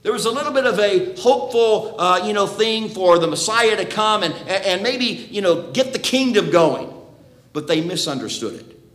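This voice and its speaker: A man with a high voice delivers an earnest, emphatic sermon full of rhetorical questions. His words ring through a roomy church hall with plenty of echo. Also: expressive, moderate pace, fairly bright tone. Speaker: preacher.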